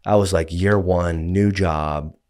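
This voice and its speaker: A man in his thirties, a pastor, talking in a relaxed, casual way with lots of "like" and "dude". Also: low voice, takes it slowly. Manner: laid-back, heavy on "like" and "dude". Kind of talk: casual podcast conversation.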